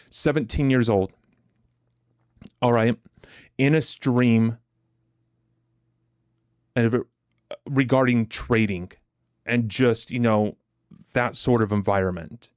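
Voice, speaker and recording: A man's voice: medium pitch, steady tone, normal speed, long pauses, no echo, studio quality. A man hosting a live trading stream, chatting casually with viewers in a chatty, self-deprecating way and laughing easily.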